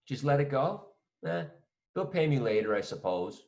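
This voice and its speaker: A man's voice: medium pitch, very animated, moderate pace, gravelly, darkish tone. A man teaching an accounting lesson in a conversational way, acting out both sides of a phone call with a client.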